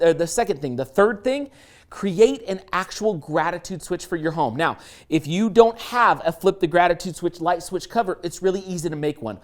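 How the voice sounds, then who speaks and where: Upbeat man presenting a course lesson. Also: sits high. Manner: upbeat, encouraging, direct.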